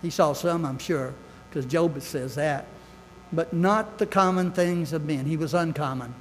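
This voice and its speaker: An older man delivers a folksy, earnest sermon, dropping asides between scripture quotes. His voice sits slightly high for a man and rings out in a reverberant church hall. A faint hum lies under the recording. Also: unhurried. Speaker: preacher. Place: church sanctuary.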